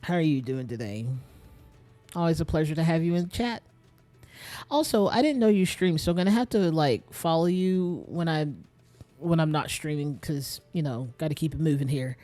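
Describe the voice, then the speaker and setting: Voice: medium pitch, lively intonation, moderate pace, warm tone, soft background music. A young adult game streamer, a bit tired and short of breath, rambling in casual chat straight to viewers while playing.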